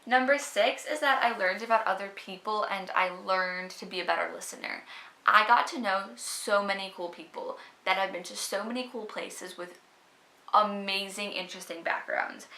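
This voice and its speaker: Chatty young woman vlogging, bright and gravelly. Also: mid-range voice. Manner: chatty, fills speech with "like". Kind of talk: casual talk to camera. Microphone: camera mic. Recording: echoey room.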